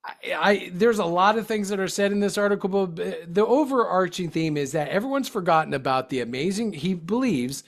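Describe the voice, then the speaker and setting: A man's voice: high voice, expressive, brisk, hardly any pauses. A man co-hosting a wrestling radio show in casual comedic banter, joking and sarcastic. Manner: joking, sarcastic, mocking voices.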